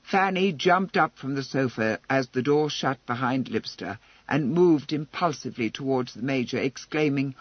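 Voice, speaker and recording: A man narrating a historical romance audiobook in an expressive, measured way. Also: mid-range voice, no echo. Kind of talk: scripted narration. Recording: slightly dull lo-fi.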